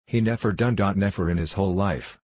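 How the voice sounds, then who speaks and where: Man doing kindly housewife, broken English, low voice, husky. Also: a little fast, a little mellow, dry recording. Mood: vehement. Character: kindly stout German woman, fifty.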